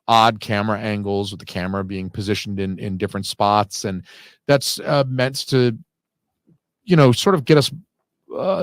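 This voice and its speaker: A man's voice: lowish voice, dry recording, clean studio sound. A man giving a live, casual film commentary, swearing freely and wandering off on tangents with lots of fillers. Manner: casual, profane, digressive with frequent fillers.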